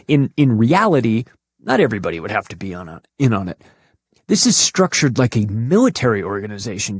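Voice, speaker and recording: A man's voice: medium pitch, darkish tone, no room sound, studio quality. A man talking on a podcast in a casual monologue, sarcastic and profane, with frequent restarts and trailing asides. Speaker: podcast guest.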